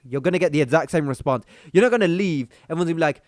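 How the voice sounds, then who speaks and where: A young man rants and mocks in a commentary video. His voice sits somewhat high for a man. The sound is dry and close, with no room around it. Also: lively intonation, racing, no room sound. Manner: blunt, mocking, ranting. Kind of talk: reaction commentary.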